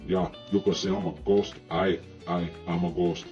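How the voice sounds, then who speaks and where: A man's voice: low voice, flat delivery, moderate pace, a little mellow, lightly acted. A man voicing a laid-back, rude male ghost in a put-on Jamaican accent, drawling and swearing. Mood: cocky. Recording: dull lo-fi sound with guitar music.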